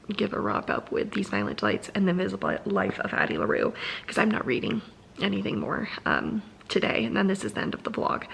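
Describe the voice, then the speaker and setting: A woman's voice: mid-range voice, gravelly, slight background noise. A young woman chatting casually in a home vlog about books, gushing and full of "like" fillers. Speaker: book vlogger.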